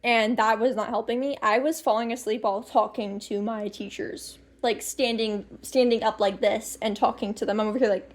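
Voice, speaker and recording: High-voiced chatty teen girl. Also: steady tone, moderate pace, hardly any pauses. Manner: rambling, laughing, swearing. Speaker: vlogger. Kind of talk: casual storytime chat.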